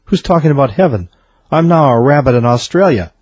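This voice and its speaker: A man's voice: mid-range voice, expressive, brisk, a little mellow, husky, no room sound, pitched above the performer's own voice. A man voicing a dead husband, now reborn as a rabbit, speaking matter-of-factly in a joke. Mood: indignant.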